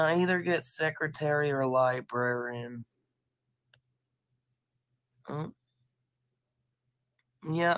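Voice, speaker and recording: A woman chatting on her live stream with a voice roughened by illness. She rambles, swears casually and talks in an easy, loose way. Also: low voice, poor audio. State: hoarse from illness.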